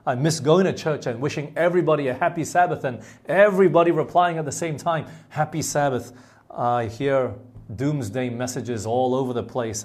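A man's voice: medium pitch, a little mellow. A man preaching a sermon as a pastor, talking in an earnest, conversational way with frequent fillers.

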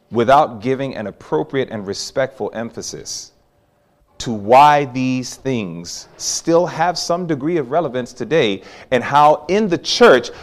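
A man preaching a sermon, telling a personal story with animated swings from hushed asides to loud exclamations. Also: mid-range voice.

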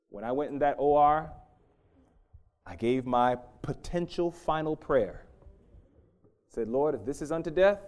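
A middle-aged man preaching a sermon, swinging from loud emphasis to hushed, intense storytelling. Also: on the high side, normal speed.

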